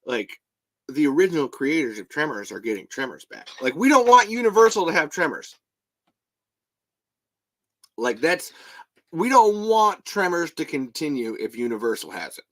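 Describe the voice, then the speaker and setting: A lively man chats casually on a livestream and reads out viewer comments. His pitch swings widely, and his tone stays bright and forceful. He breaks off now and then into shouted movie quotes. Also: normal speed, pauses often, low-quality recording. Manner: animated, bursts into shouted movie-line impressions. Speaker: show guest and regular.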